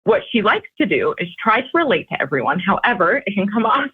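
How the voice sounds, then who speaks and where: A woman's voice: mid-range voice, very animated, quick pace, breathy edge. A woman calling in to an advice podcast, explaining her problem in a rambling, hesitant way. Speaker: caller. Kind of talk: telling her problem on a call-in show. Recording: tinny phone line.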